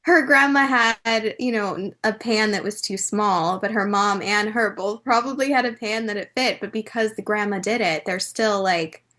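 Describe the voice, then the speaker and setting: A young woman co-hosts a casual podcast, her voice sitting at an ordinary middle pitch. She talks in an easy, conversational way and keeps chiming in with short words of agreement. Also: sharp tone. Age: young adult. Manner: supportive, quick agreeing interjections. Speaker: podcast co-host, daughter.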